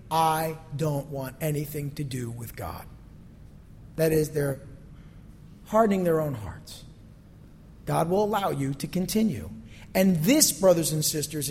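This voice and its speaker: A man's voice: high-pitched, darkish tone. A male pastor giving a conversational sermon that is full of rhetorical questions, recorded in a church sanctuary. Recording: long reverb from a hall.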